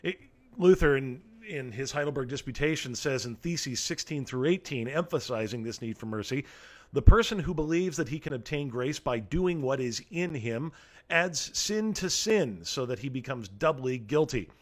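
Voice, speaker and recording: A man's voice: mid-range voice, normal speed. A man preaching a sermon, reading scripture aloud and explaining it in an earnest, emphatic way, often repeating key phrases.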